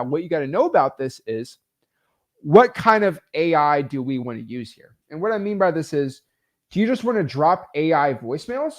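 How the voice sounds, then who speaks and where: Energetic man explaining wholesaling, chatty and loose with fillers, voice sits fairly high. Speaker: real estate wholesaling coach. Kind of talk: casual instructional talk.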